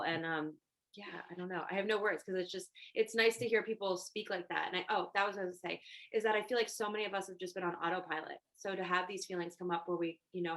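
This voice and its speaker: A woman's voice: lowish voice, a bit bright. A woman hosting a podcast, talking in a casual, gushing and effusive way. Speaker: podcast host. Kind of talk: casual chat.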